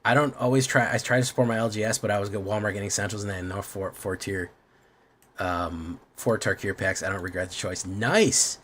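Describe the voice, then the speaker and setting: A man's voice: on the low side, steady tone, a little fast, a bit bright. A man streaming a card game in casual chat, rambling and self-deprecating, swearing often.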